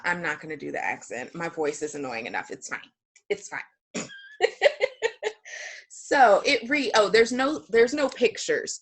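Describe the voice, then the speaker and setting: A woman's voice: lowish voice, moderate pace, husky. A woman instructor teaching a parenting class online in a chatty, joking, self-deprecating way, at times reading a story aloud.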